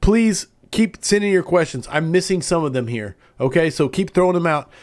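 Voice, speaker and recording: A man's voice: on the high side, lively intonation, normal speed, darkish tone. A man hosting a live-streamed interview, eagerly reading out audience questions. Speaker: host.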